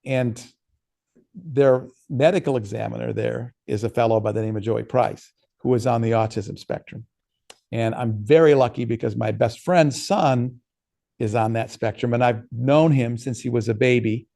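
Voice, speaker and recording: Gravelly-voiced man giving a workshop talk. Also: mid-range voice, mellow. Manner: conversational storytelling, quick with frequent restarts. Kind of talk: casual lecture answering questions.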